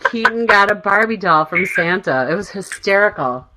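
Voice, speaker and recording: A middle-aged woman on a radio talk show tells family stories in casual conversation, laughing frequently. Her medium-pitched voice is expressive and keeps a moderate pace, though heavy background noise intrudes.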